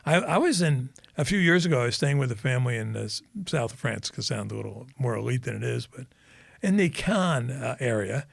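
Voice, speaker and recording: A man's voice: medium pitch, animated, fairly quick, vocal fry, no room sound. A man co-hosting a podcast, chatting casually and telling rambling anecdotes while laughing at his own jokes. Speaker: podcast co-host. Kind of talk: casual chat.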